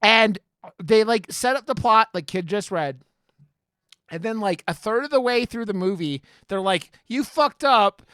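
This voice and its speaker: A podcast co-host chatting casually at a middle pitch, rambling and swearing, with many "like"s and restarts. The recording is close and dry. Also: normal speed, a bit bright, clear, resonant tone, no room sound. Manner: rambling, profane, lots of likes and restarts. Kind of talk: casual chat.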